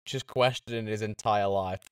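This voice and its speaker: A man's voice: lowish voice, fairly even intonation, moderate pace, clean tone, no echo. A man co-hosting a podcast, chatting casually and adding wry, exasperated comments on a movie. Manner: chimes in with wry, exasperated remarks. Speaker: podcast co-host.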